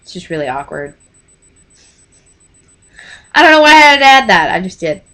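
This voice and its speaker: A woman in her twenties telling a rambling, excitable storytime to camera in casual chat. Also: mid-range voice, moderate pace. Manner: rambling, excitable, gushing fan. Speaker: vlogger.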